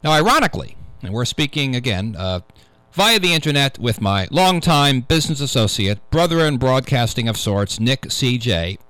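A man's voice: medium pitch, very animated, moderate pace, fairly bright tone, no room sound, poor audio. A man hosting a casual tech radio show in a studio, rambling with many fillers as he talks through the news. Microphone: studio microphone.

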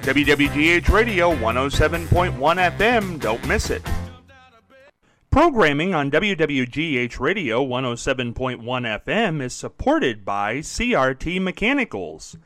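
A man's voice: on the high side, big pitch swings, measured pace, fairly bright tone, faint music behind, poor audio. A man reading upbeat promotional announcements for a local radio station.

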